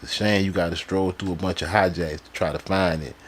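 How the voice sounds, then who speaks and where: Low-voiced man ranting while reading. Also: steady tone. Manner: loose slangy talk, quick to laugh and mock. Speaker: live streamer. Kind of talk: reading sources aloud with ranting commentary.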